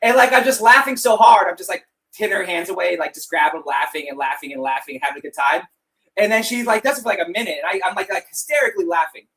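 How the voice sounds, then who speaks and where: A man co-hosting a podcast in casual chat, telling animated stories, swearing freely and laughing through them on a studio mic. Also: sits high, fast. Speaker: podcast co-host.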